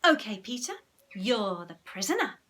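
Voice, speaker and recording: A woman's voice: mid-range voice, sing-song, moderate pace. A woman voicing a horrid, scheming boy who plays a pirate captain, reading a children's storybook aloud. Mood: bossy. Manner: bossy, loud, swaggering.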